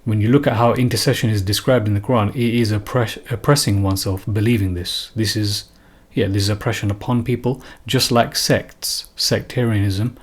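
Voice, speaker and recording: A man's voice: lowish voice, fairly even intonation, moderate pace, hardly any pauses. A man giving an unscripted religious talk, earnest and emphatic, often repeating and restarting phrases. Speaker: religious commentator.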